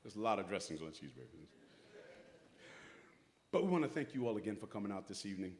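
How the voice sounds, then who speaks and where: A man's voice: on the low side, sing-song, fast talker. A middle-aged man as master of ceremonies, giving an uplifting speech in a church hall with folksy storytelling that acts out quoted voices.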